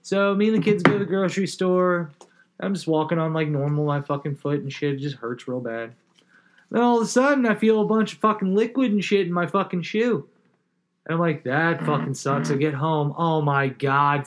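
A man's voice: fairly high pitch, moderate pace. A man telling a long, profane story in casual chat, laughing often and rambling through fillers.

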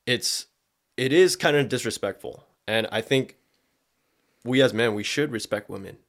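A man's voice: mid-range voice, normal speed. A young man chatting casually as co-host, rambling, swearing freely and laughing often. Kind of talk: casual reaction chat.

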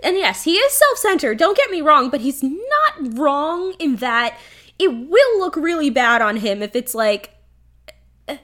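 A woman with a notably high voice chats loosely about a film, piling on "like" and casual swearing. She tells it animatedly, as a co-host riffing with a friend. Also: a little slow. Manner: animated, swears freely, many "like" fillers. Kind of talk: casual chat recapping a movie.

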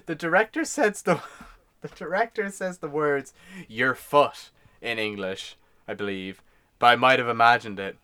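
Podcast co-host, man, bright clear voice, reads through notes, laughs a lot. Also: medium pitch, unhurried. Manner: laughs often, goes through his notes one by one. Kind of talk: casual chat reading out film notes.

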